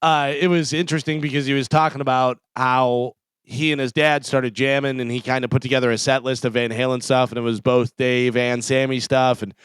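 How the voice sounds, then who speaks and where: A man's voice: medium pitch, level tone, brisk, clean tone, dry recording. A man co-hosting a morning radio show, chatty, telling stories about musicians. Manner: chatty storyteller who acts out quotes. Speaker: radio co-host. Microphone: studio microphone.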